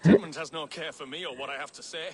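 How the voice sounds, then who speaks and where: A man's voice: fairly high pitch, quick pace, a little mellow, close to an everyday voice. An actor playing a timid young man, a monk's double, who stammers and pleads. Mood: nervous.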